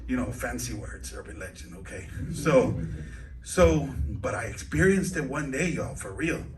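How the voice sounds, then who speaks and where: A man's voice: mid-range voice, expressive, a little slow, slight background noise. A man doing stand-up comedy at an open mic night, rambling and hesitant with lots of fillers. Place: comedy club stage, indoors. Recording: echoey club room from a distance.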